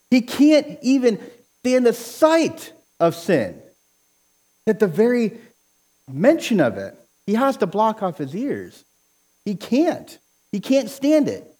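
A man preaching a sermon with passion, near to yelling at times, often repeating words as he starts a phrase. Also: high-pitched. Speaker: pastor.

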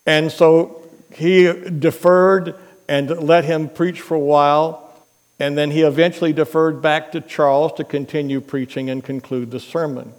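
A man preaching a sermon as pastor, telling a story in an unhurried, earnest way. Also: on the high side, fairly even intonation.

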